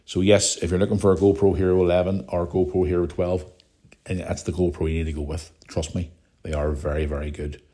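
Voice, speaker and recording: A Northern Irish man with a deep, warm voice hosts a casual podcast. He rambles and chats freely, teasing his listeners as he goes. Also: level tone, brisk. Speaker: podcast host.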